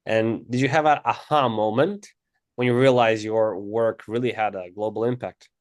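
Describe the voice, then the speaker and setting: A man's voice: lowish voice, steady tone, moderate pace, no echo. Man interviewing, dry close sound. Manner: brief questions and short reactions. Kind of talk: casual interview questions.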